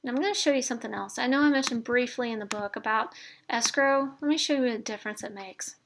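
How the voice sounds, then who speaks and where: A middle-aged woman with a slightly high voice talks through her budgeting spreadsheet like a friendly screen-share lesson. She is chatty and encouraging, stumbling now and then with fillers and quick corrections as she explains the numbers. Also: a bit bright, a little hiss or hum. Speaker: instructor demonstrating a debt spreadsheet. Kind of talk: casual screen-share tutorial.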